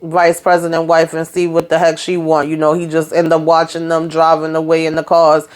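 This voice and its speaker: This is a woman recapping a TV episode in a loose, conversational way. Her voice sits a little low, and she piles on fillers and mild swear words. She keeps slipping into the characters' lines as she retells the scenes. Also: monotone, a little fast, a little mellow. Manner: chatty, colloquial, lots of fillers and mild cursing. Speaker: TV recap vlogger.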